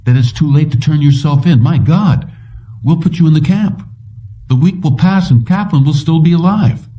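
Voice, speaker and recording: A man's voice: mid-range voice, lively intonation, moderate pace, dark tone, highs cut off, close to an everyday voice. A man voicing an eager, ambitious young male police officer who speaks earnestly and emphatically. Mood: incredulous.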